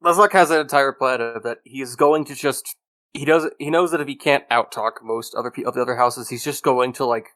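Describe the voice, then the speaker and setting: A man's voice: mid-range voice, a little fast, fairly bright tone. A man playing in a tabletop game, chatting casually and explaining his character's plans in loose, run-on sentences. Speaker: player.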